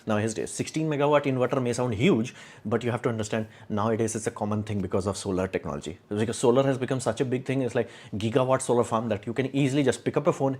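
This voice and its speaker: Hosting a relaxed live stream, a young man answers viewers' chat in an opinionated ramble packed with fillers and false starts, putting engineering into plain words. He talks fast in a mid-range voice with a darkish tone.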